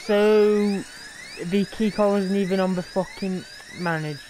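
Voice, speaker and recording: Aussie woman swearing and rambling thru a game stream, mid pitch, faint game music behind. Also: steady tone, unhurried. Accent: Australian. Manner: profane, rambling, slangy banter. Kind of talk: casual gameplay commentary.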